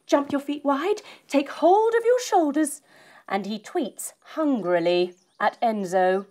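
A woman's voice: sits high, expressive, slow, a little mellow. A woman leading a children's yoga lesson as a story, playful and encouraging. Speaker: kids yoga teacher.

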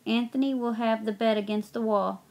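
Gentle young Irish girl, as a woman reads her. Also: on the high side, fairly even intonation, moderate pace, creaky. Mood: soothing. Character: young Irish girl, caring older sister.

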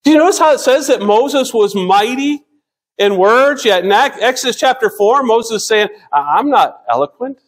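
A man in his fifties delivers a sermon with a notably high-pitched voice. He speaks earnestly, drawing out scripture readings slowly and often stumbling and restarting mid-sentence. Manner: earnest, slows down to read scripture, frequent restarts. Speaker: pastor.

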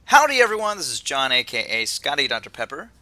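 A man's voice: medium pitch, a little fast, sharp tone, dry recording. A man hosting a casual let's play, talking in a loose, rambling way with lots of "kinda" and "just". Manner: loose and rambling, with many fillers. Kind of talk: casual gaming chat.

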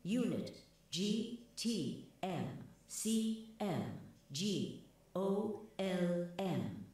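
A woman voicing a cold female computer surveillance system, making flat, measured announcements. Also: mid-range voice, exaggerated voice. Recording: heavy echo on voice.

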